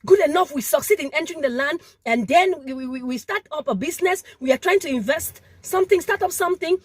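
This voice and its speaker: A woman's voice: high-pitched, lively intonation, quick pace, dry recording, clean studio sound. A woman makes an impassioned appeal straight to camera. She is emphatic, repeats phrases and stumbles over words, and she is sweating in the heat. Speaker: vlogger.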